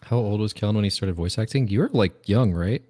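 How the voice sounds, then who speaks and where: A man's voice: fairly low pitch, fairly quick, dark tone. A man co-hosting a live Q&A, reading out fan questions in a casual, easygoing way. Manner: chatty, easygoing, relays chat questions. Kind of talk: casual live-stream Q&A chat.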